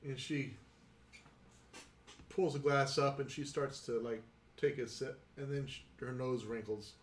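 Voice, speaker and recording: A man's voice: mid-range voice, fairly even intonation, measured pace, slight background noise. A man narrating as game master of a tabletop role-playing game, telling the story unhurriedly with frequent fillers. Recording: roomy echo.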